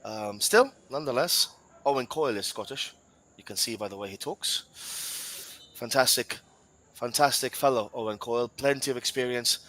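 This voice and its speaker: A man's voice: mid-range voice, moderate pace, pushed and bright, low-quality recording. A man from Gibraltar giving live football match commentary, chatty and talking straight to his co-commentator and the viewers.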